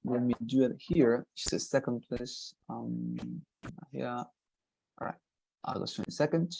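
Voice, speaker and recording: A man teaching an online English lesson, repeating words slowly and checking in with "right?". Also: medium pitch, gravelly, warm tone, soft background music, rough recording. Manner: patient, repetitive, models pronunciations slowly, frequent "right?" checks.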